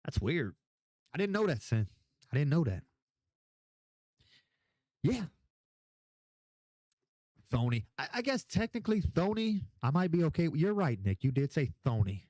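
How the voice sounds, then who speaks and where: A man's voice: fairly high pitch, sing-song, measured pace, long pauses, darkish tone, dry recording. A tipsy young man hosting a casual livestream, rambling, swearing a lot and repeating himself as he answers chat questions.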